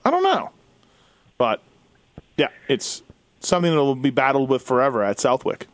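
A man's voice: mid-range voice, huge pitch swings, moderate pace, dry recording. A man hosting a casual motocross talk show, rambling and thinking aloud. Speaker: podcast host. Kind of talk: casual chat.

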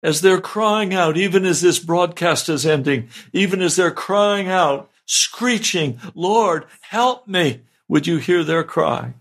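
Man, radio preacher, fervent pleading prayer, husky voice, fairly high pitch, faint music behind. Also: slow pace, hardly any pauses, a bit bright.

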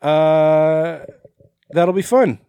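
A man's voice: fairly high pitch, fairly even intonation, extremely slow, warm tone, clean tone, dry recording. A man co-hosting a podcast in casual chat, rambling with lots of fillers and swearing freely. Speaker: podcast co-host.

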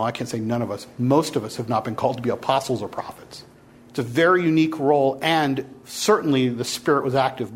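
A man teaching a Bible class, lecturing and challenging his students to argue back. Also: fairly high pitch.

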